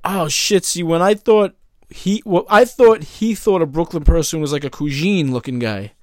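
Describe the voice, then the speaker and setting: A man in casual chat, reacting quickly, joking and swearing. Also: a little high, darkish tone, no echo, studio quality.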